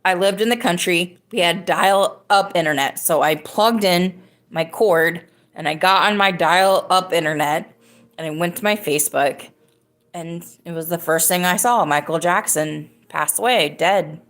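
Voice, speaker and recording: Podcast host, woman in her thirties, rambling casual storyteller with a lower voice. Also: unhurried, fairly bright tone. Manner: rambling, many fillers and restarts.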